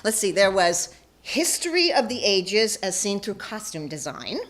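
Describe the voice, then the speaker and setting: A woman's voice: mid-range voice, very animated, measured pace. A woman telling a personal story onstage before a live audience, playful and self-mocking.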